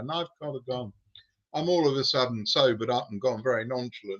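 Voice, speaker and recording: A man's voice: medium pitch, a little fast. An older man, a former racing driver, telling cheeky stories with casual swearing. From Britain. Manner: cheeky, swearing, relaxed storytelling. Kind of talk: casual anecdote on a live stream. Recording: dull lo-fi recording.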